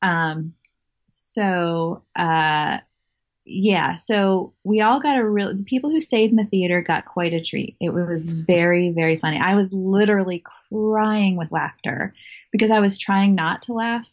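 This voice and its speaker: Chatty low-voiced woman, lo-fi audio. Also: a little slow. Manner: chatty, laughs often, many fillers and restarts. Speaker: interview guest, actress. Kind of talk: casual interview storytelling.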